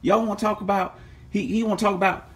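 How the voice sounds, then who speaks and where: A man's voice: sits high, fairly even intonation, fast, a bit bright, voice pushed up. A man putting on a rowdy, slangy, trash-talking character who mocks the host, in a home workshop. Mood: mocking. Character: loud mouthy man mocking the host.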